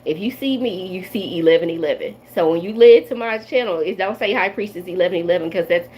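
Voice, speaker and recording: A woman's voice: lowish voice, fast talker, darkish tone, a little hiss or hum, rough recording. A woman in her forties from the Midwestern United States, a tarot reader chatting loosely and directly to viewers on a live stream. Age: 40s. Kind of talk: casual live-stream chat.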